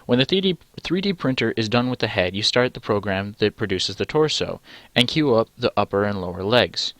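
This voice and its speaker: A man's voice: on the low side, animated, a little fast, a bit bright, no room sound. A man reading a text adventure game aloud and adding dry, sarcastic asides. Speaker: let's play gamer.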